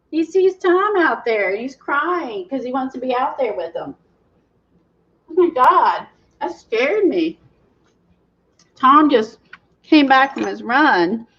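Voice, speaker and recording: A woman's voice: high voice, a bit bright, dull audio. A woman hosting a craft livestream, chatting casually, laughing often and reading the live chat.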